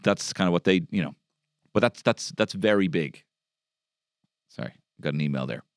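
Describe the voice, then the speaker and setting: Deep-voiced Irish man, rambling comic monologue. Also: animated, normal speed, gravelly, no echo, clean studio sound. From Ireland. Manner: rambling, sardonic, swears freely, mock American voices. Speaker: comedian podcast host. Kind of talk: solo comedy podcast monologue. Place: podcast studio.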